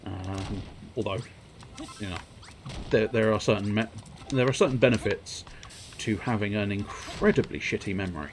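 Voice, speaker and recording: A low-voiced man streams a video game and chats as he plays. He rambles wryly and swears now and then, reading the on-screen text aloud as he goes. A faint ambient hiss runs under his voice. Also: normal speed, pauses often. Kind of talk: casual gameplay commentary.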